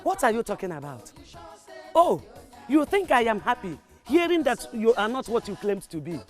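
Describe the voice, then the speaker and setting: A woman's voice: a little high, very animated, normal speed, faint music behind. An actress playing a Nigerian mother who scolds and pleads with her grown son. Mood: indignant. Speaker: mother of the husband. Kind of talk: Nollywood film acting.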